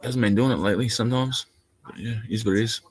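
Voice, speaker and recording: A man's voice: medium pitch, fast talker. An Australian man chatting casually on a live stream, rambling and laid-back, swearing now and then.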